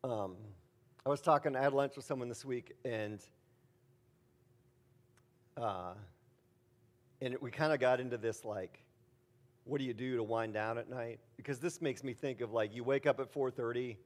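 A man's voice: medium pitch, moderate pace, long pauses. A middle-aged man, a pastor preaching a conversational sermon, casual and rambling with many fillers and sudden emphatic bursts.

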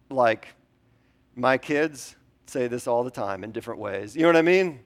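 A man's voice: medium pitch, normal speed. A male pastor giving a conversational sermon, with frequent ums and rhetorical questions to the congregation.

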